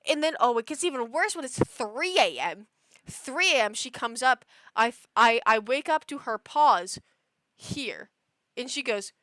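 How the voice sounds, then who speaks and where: A woman livestreamer chatting casually, telling stories in an animated, exasperated way with lots of fillers. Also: fairly high pitch, a little slow, dry recording. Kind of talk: casual chat.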